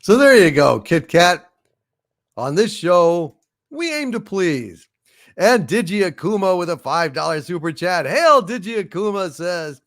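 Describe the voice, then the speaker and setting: Excited gravelly livestream host. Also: male voice, sits high, a little slow, no room sound, studio quality. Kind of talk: reading donations on a livestream.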